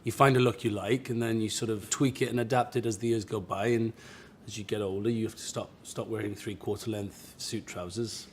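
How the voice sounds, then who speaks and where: A man from Wales with a Welsh accent, chatting as a guest in a relaxed, teasing way in a bar. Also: fairly low pitch, fairly quick, slight background noise. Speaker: guest actor. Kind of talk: casual interview chat.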